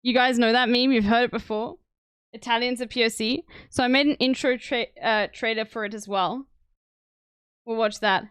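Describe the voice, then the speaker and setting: A woman's voice: fairly high pitch, fairly even intonation, normal speed, a bit bright, smooth, dry recording, clean studio sound. A young adult woman streamer chatting casually to her viewers, laughing often and using loose filler words.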